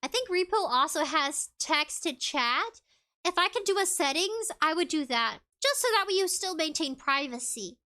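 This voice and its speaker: A woman streaming from home, reading out her chat and laughing often. Her voice sits high and sounds bright and clear. The talk is loose and friendly, full of little giggles. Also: lively intonation, moderate pace. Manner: bubbly and giggly, with frequent laughs. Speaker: VTuber streamer. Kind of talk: casual livestream chat, reading viewer comments aloud.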